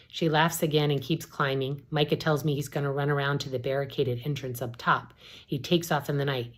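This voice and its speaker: A woman, an English professor, reading a novel aloud in a steady, measured narration. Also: sits low.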